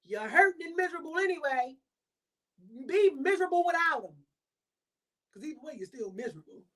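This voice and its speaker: A woman's voice: sits high, expressive, fairly quick, fairly bright tone. Emphatic woman podcast host, preaching. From Baltimore. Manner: preachy, emphatic, repeats points. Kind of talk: motivational monologue.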